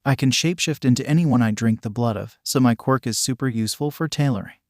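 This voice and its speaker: A man's voice: medium pitch, quick pace, darkish tone, no room sound, natural voice. Male reader as a chatty fashion-loving girl, eager, dry sound.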